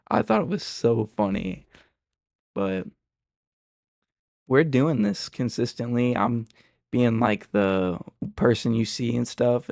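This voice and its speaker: A young man casually retelling a story in an excitable, slangy way. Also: mid-range voice, vocal fry, no room sound, studio quality.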